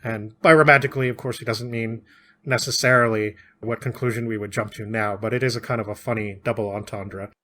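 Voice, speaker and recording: A man's voice: on the low side, fairly even intonation, brisk, bright, forceful tone. A man co-hosting a podcast, casually recapping and discussing a classic novel, chatty and often laughing. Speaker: podcast co-host.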